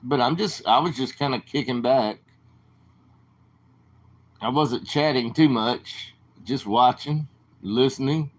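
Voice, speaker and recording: A man's voice: medium pitch, slow pace, pauses often. A man with a southern drawl, rambling casually to viewers on his late-night livestream. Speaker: livestream host.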